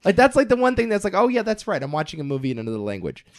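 A man co-hosting a podcast, chatting casually about a film, lively and profane. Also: high voice, rapid-fire, no room sound. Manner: animated, swearing, lively storytelling. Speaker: podcast co-host. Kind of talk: casual film review chat.

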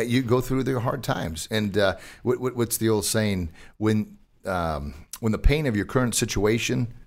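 Gravelly upbeat male podcast host. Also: on the low side. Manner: upbeat, addresses listeners as folks. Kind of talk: casual motivational chat.

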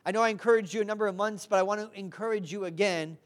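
A woman's voice: medium pitch, very fast. A woman preaching a sermon, earnest and direct, who often asks the congregation to respond.

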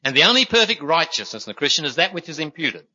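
A man's voice: fairly high pitch, sing-song, fast talker, pushed and bright, slightly rough, muffled recording. A man preaching a sermon in an earnest, folksy way, telling stories and calling his listeners "my friends.".

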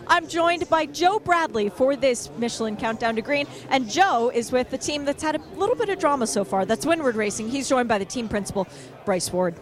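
A woman's voice: high voice, expressive, fairly quick. Upbeat woman reporting from pit lane. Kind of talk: live grid interview. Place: outdoors on a racing grid.

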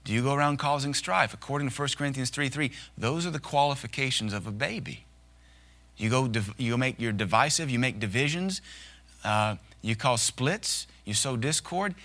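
A male pastor preaching a sermon in a folksy, humorous way, slipping into quick acted asides. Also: medium pitch, bright, forceful tone.

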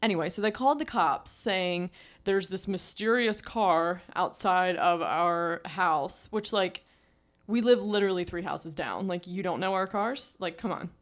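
A woman's voice: on the low side, unhurried. A young woman co-hosting a podcast, telling a story in casual chat, full of "like" fillers. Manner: chatty storytelling with many "like" fillers. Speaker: podcast co-host.

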